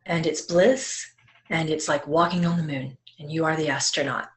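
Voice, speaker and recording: A woman voicing the spirit of a passionate male skydiving cameraman in a soft, hushed way. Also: low-pitched, fairly even intonation, moderate pace, close to an everyday voice. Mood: dreamy.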